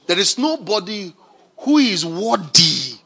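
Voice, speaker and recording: A man preaching a sermon as pastor, swinging from shouted declarations to quiet, chatty asides. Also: high-pitched, sing-song, takes it slowly, breathy edge.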